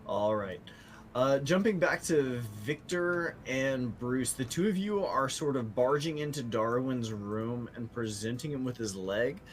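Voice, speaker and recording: A man's voice: medium pitch, lively intonation, a little slow, slight background noise, poor audio. A man narrating as game master of a tabletop game, casual and swearing freely.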